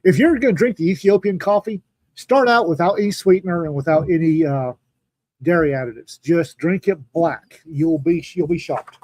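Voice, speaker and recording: A man's voice: fairly high pitch, moderate pace, a little mellow, dry recording. A tired man co-hosting a casual livestream chat, grumpy and dry with sarcastic asides. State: tired from lack of sleep. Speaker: podcast co-host.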